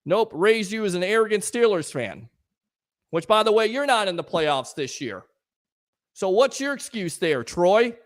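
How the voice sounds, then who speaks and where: A man's voice: high-pitched, big pitch swings, normal speed. A male sports talk host taking callers after a loss, frustrated and emphatic, firing off rhetorical questions. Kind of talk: call-in sports talk show.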